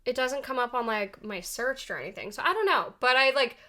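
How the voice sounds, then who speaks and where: A woman, co-hosting a podcast and telling stories with animated, sweary energy. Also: sits high, a little fast. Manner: animated storytelling, yells quoted lines, swears freely. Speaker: podcast co-host. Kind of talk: casual chat.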